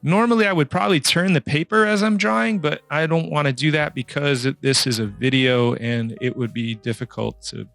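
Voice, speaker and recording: A man's voice: fairly high pitch, a little fast, gravelly, few pauses, fairly bright tone, soft background music. A man narrating a casual drawing tutorial in a chatty, playful way, quizzing the viewer as he works. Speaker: drawing instructor.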